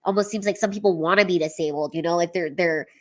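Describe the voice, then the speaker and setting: A woman's voice: on the low side, quick pace. Woman, 30s, comedian, candid, teary, swearing, casual livestream. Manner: candid, emotional, swears freely.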